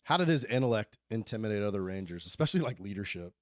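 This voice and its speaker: Male podcast host, low voice, rapid casual questions. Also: lively intonation, dry recording, studio quality. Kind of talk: interview questions.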